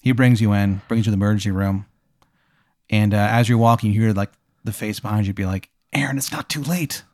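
Male host, deadpan improv narrator, mid pitch, dry. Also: quick pace, dry recording. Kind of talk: improv storytelling.

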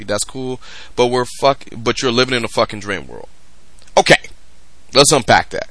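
A man's voice: medium pitch, big pitch swings, normal speed, bright, forceful tone, dry recording. A man hosting a podcast, ranting in a casual, emphatic and profane way. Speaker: podcast host. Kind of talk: casual commentary rant.

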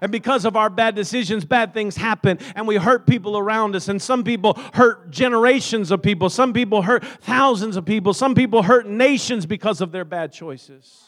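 A male pastor with a strikingly high-pitched voice delivers a fervent sermon. He peppers his preaching with amens, surging to shouts and dropping to hushed, pleading tones. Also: normal speed, hardly any pauses.

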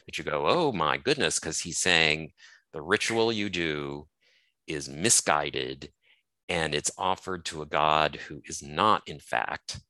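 A man's voice: very deep voice, slow, bright, forceful tone, no room sound. A male scholar explaining ideas from his book in a thoughtful, hedging way, with many fillers and restarts. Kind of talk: conversational explanation.

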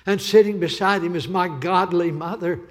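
A man voicing a distraught seventeen-year-old girl who pleads through tears and cries out in a high voice. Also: moderate pace, long reverb tail, lightly acted. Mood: pleading. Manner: crying, pleading, rising to shouts.

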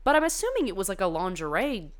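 A woman's voice: mid-range voice, wildly swooping pitch, fast. A young woman hosting a casual chat, gossiping about reality TV contestants in a chatty, profane way full of "like" and side tangents. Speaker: podcast host reviewing a reality dating show.

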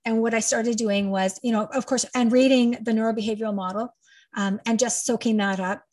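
A woman's voice: a little high, fairly even intonation, brisk, a little mellow, no room sound. A middle-aged woman, a guest in an interview telling her story in an emphatic, rambling way. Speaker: guest, parent advocate and trainer. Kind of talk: conversational interview.

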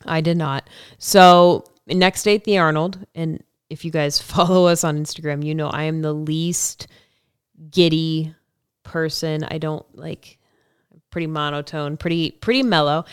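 A young woman co-hosting a podcast, telling a story in a relaxed, casual way and acting out the lines she quotes. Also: low voice, smooth, no echo, studio quality. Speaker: podcast co-host.

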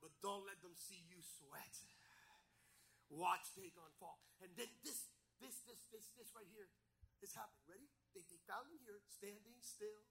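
A man's voice: high voice, unhurried, creaky, fairly bright tone, rough recording. A man preaching a sermon, emphatic, with rhetorical questions and repeated phrases.

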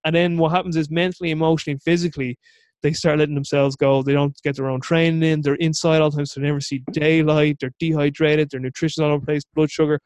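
A man hosting a podcast interview, talking in a rambling, animated way. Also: a little high, fast, dry recording. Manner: rambling, animated, full of acted-out inner voices. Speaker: podcast host. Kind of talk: casual interview chat.

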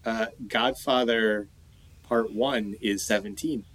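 A man co-hosting a casual movie chat, talking in halting phrases with lots of fillers. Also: fairly low pitch, steady tone, fairly bright tone, poor audio. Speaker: podcast co-host.

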